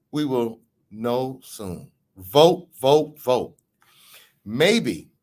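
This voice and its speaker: Animated, slow-talking male podcast host. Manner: emphatic, theatrical delivery with big pitch swings. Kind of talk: political commentary.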